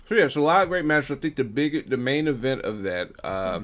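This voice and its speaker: A man's voice: mid-range voice, very animated, fairly quick, a bit bright. Missouri guy cohosting a podcast, rambles on about wrestling, lots of likes and ums. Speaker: podcast co-host. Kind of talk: casual chat about pro wrestling.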